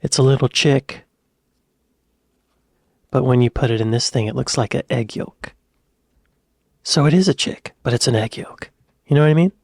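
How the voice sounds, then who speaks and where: A man's voice: mid-range voice, moderate pace, pauses often, darkish tone, no room sound, studio quality. An American man with an American accent, hosting a reaction video in a chatty, rambling, easygoing way. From United States. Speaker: reaction channel host. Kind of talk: casual reaction chat.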